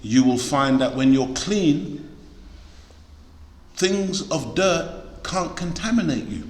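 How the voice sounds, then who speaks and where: Taking it slowly, a man with a fairly high pitch and lively intonation preaches a sermon to a congregation, emphatic and exhorting, repeating key words for stress. Slight background noise is present. The preacher or lecturer is in a large, echoey hall, and the audio has long reverb.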